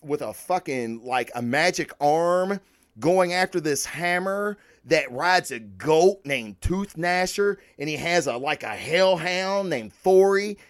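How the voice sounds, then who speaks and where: A man hosting a podcast solo, talking casually in a rambling, excitable way, swearing constantly. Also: mid-range voice, no echo, studio quality. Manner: rambling, heavy profanity, excitable. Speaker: podcast host. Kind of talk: casual monologue.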